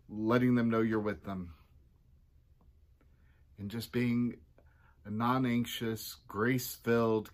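A man who is a pastor, giving a casual devotional talk in a chatty way and acting out quotes with sudden jumps in his voice. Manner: chatty, acts out quotes with big pitch jumps.

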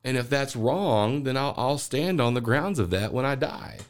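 In this spiritual monologue, a male podcast host talks at a normal speed in an animated, mid-pitched voice. His delivery is earnest and meandering, with frequent repeated words while he works through his thoughts.

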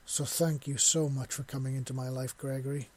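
A man voicing a tender male scaly clawed creature, speaking softly and with heartfelt devotion in a husky voice. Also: mid-range voice, flat delivery, brisk, natural voice. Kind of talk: audio story reading.

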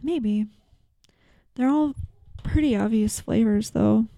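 Woman, podcast co-host, mellow voice, slightly high, dry close sound, laid-back. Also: slow, creaky, no echo. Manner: laid-back, wry, lots of short agreeing replies. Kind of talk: casual chat.

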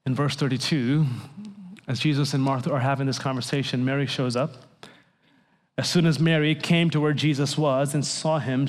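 A male pastor preaching an earnest sermon, telling stories and dropping to a soft, hushed voice when he quotes people. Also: fairly high pitch. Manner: earnest storytelling preacher, drops to soft near-whispers for quotes. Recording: long hall reverb.

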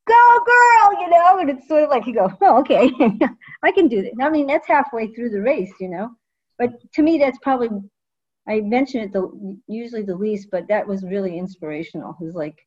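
Older woman telling lively stories. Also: a little high, muffled recording. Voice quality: lively storyteller, acts out quotes with laughs. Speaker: former running coach. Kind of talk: casual reminiscing conversation.

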